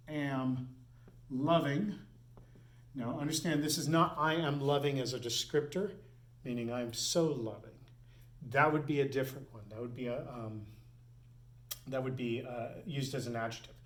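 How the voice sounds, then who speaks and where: A man, a Latin teacher giving a recorded lesson and slowly repeating each form as he explains it. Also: a little high. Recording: echoey room.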